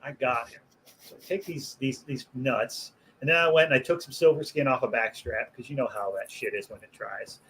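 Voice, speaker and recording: A man, a butcher guest on a casual podcast, telling animated, profane workplace stories and laughing along with them. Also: medium pitch, fairly quick, a little hiss or hum, low-quality recording. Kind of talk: casual storytelling chat.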